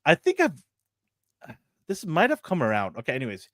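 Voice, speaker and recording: A man's voice: a little high, huge pitch swings, normal speed, a bit bright, no room sound, clean studio sound. A man co-hosting a casual toy talk show, joking and laughing often. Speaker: toy podcast co-host. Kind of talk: casual chat.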